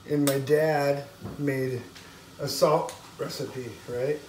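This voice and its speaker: A man's voice: medium pitch, fairly even intonation, slow pace. A man from Wisconsin rambling through food and family stories as he cooks in his home kitchen, acting out voices as he goes. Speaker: home cook and vlogger. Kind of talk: rambling storytelling while cooking. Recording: very echoey room, mic far off, background noise.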